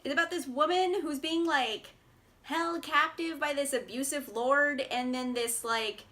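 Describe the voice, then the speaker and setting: Bright, bubbly young woman vlogger. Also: high voice, unhurried. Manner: bubbly, chatty, lots of "like" and laughs. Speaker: book vlogger. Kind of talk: casual book haul chat.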